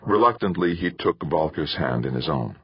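A man reading an audiobook novel aloud in an expressive storytelling manner, in a dull, dry lo-fi recording. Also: rumbling low, normal speed, slightly rough, dry recording. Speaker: audiobook narrator. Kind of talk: scripted narration.

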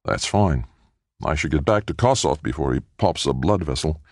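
A man's voice: rumbling low, expressive, a little mellow, no echo, studio quality. A man voicing a cheerful, meddling male anthropologist who heads a team, in an audiobook reading. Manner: brisk, cheerful, knowing.

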